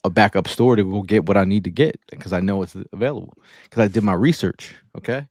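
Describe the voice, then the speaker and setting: Low-voiced man telling stories casually. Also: fast talker, a little mellow, no echo, clean studio sound. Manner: storytelling, emphatic, repeats phrases. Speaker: podcast co-host. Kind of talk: casual sports podcast banter.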